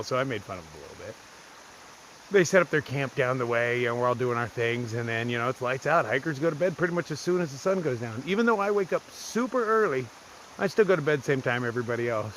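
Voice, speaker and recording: A solo thru-hiker vlogs to camera on a wooded mountain trail in a mid-range, slightly bright voice, with a bit of hiss or hum in the audio. Slightly winded from the climb, he tells stories casually, bluntly, profanely, and with self-mockery.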